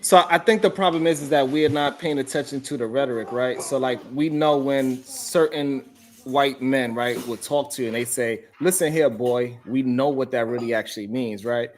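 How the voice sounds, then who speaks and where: A man's voice: mid-range voice, moderate pace. A man co-hosting a casual livestream, reading viewer messages aloud and reacting to them emphatically. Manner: animated, reads super chats aloud with emphatic reactions. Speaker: co-host.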